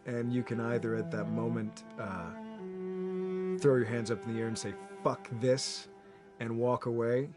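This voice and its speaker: A man speaking in a measured, thoughtful way in a documentary interview. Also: mid-range voice, fairly even intonation, over loud music. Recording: interview with score under it.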